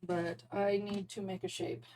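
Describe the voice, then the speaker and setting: A woman's voice: medium pitch, level tone, a little slow, mellow, a little hiss or hum, rough recording. A woman chatting casually and rambling, often breaking into laughter. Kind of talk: casual chat about neighborhood cats.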